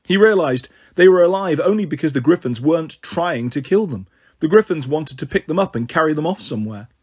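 A male audiobook reader with a slightly raised pitch and a husky edge to his voice. He moves through the story in a steady, even narrating manner, without rushing.

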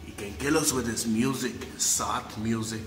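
A young man playing a comic wildlife reporter, excitable and shouty, calling out to the audience. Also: mid-range voice, normal speed, faint music behind. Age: young adult. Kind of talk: comic nature-documentary spoof. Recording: echoey room with loud background noise.

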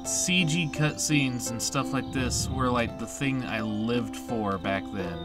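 A man's voice: medium pitch, takes it slowly, loud music behind the voice. A man casually commenting during a video game playthrough, chatty and nostalgic, with frequent fillers. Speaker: let's play host.

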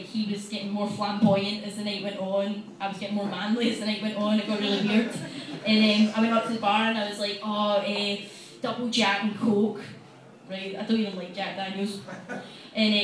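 A woman's voice: mid-range voice, a little hiss or hum. A young Glaswegian woman doing a stand-up set on a small bar stage, chatty, brash and sweary. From Scotland. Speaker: stand-up comedian. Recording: echoey live bar from a distance.

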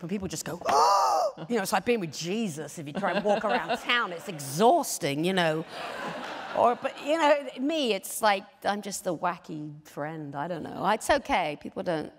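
A woman chatting as a guest in an onstage interview, animated and laughing often. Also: on the low side, moderate pace. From England. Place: stage in a large hall. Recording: long hall reverb.

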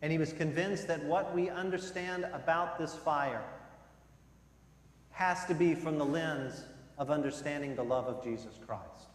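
A male pastor preaching a sermon, swinging between loud emphasis and soft, low passages. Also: measured pace. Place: church sanctuary. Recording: echoey church hall with long reverb.

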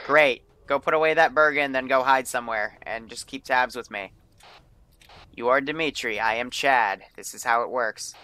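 A man's voice: mid-range voice, moderate pace, sharp tone. A man running a multiplayer military game on a livestream, talking casually and bossing players around with plenty of swearing. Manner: brash, profane, bossy toward players.

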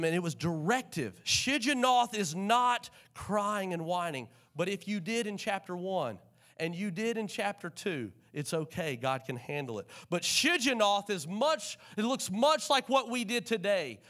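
Animated preacher, high voice. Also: male voice, a little slow. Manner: animated preacher, calls for congregation responses. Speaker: pastor. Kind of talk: sermon. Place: church sanctuary.

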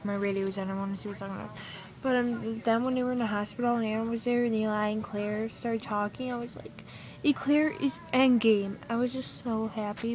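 A woman's voice: fairly high pitch, a little mellow. A teenage girl chatting casually to her camera at home, rambling and gushing, full of "like" and "oh my god". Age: teens. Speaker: vlogger. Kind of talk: casual chat. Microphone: iPod camera.

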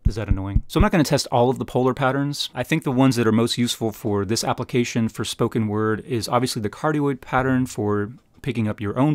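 A man reviewing microphones in a small home room, talking close to a USB condenser mic on his desk and explaining each test step by step in a relaxed, plain way. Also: on the low side, no room sound. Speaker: tech reviewer. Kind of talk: casual mic test demonstration.

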